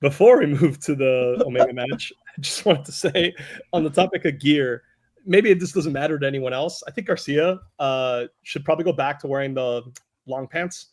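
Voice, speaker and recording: A man in casual wrestling chat, giving opinions in a measured, self-aware way. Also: fairly high pitch.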